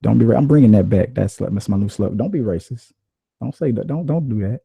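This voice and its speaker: A man hosting a podcast in casual, profane, animated rants that ramble from point to point. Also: medium pitch, quick pace, vocal fry, slightly rough, dry recording. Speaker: podcast host. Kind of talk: casual ranting chat.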